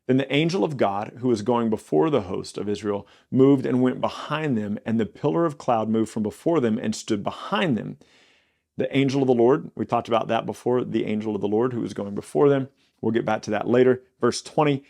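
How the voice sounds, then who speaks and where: A man's voice: mid-range voice, brisk, gravelly, a little mellow. A man teaching the Bible on a casual podcast. He talks conversationally and often corrects himself mid-sentence.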